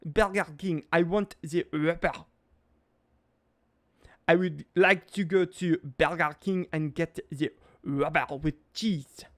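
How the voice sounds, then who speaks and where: A man's voice: sits high, very animated, darkish tone, pitched above the performer's own voice, full character voice. A man mocking a snooty French snob. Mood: prim. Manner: pompous, slow and overly precise.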